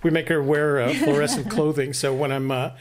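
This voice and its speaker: A man's voice: a little high, expressive, a little fast. A man co-hosting a vlog in casual chat, explaining details with a teasing edge. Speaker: vlog co-host.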